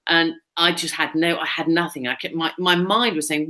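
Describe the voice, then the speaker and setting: Bright-voiced woman rambling candidly. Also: sits low, brisk, hardly any pauses. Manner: rambling, candid, many fillers and restarts. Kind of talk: casual personal storytelling.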